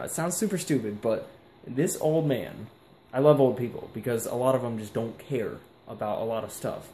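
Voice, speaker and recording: A man's voice: medium pitch, warm tone. A young man vlogging casually, rambling and reflective with lots of fillers. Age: young adult. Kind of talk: casual vlog monologue. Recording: echoey room with faint background hiss.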